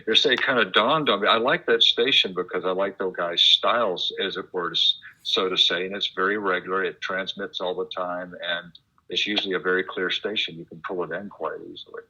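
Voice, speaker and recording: A man talking as a guest in a casual interview, chatty and animated, explaining things at length. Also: low voice, a little fast, breathy edge. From United States. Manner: chatty, animated, laughs while imitating sounds. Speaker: guest, radio enthusiast and author. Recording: dull lo-fi internet call audio.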